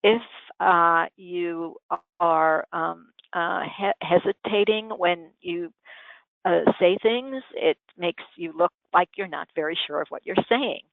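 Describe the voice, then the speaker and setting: Woman lecturer, low-pitched, demonstrates speech habits, tinny dry phone-like recording. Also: slow, no room sound. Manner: demonstrative, acts out vocal habits as examples. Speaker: communication lecturer. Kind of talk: lecture on voice and nonverbal communication.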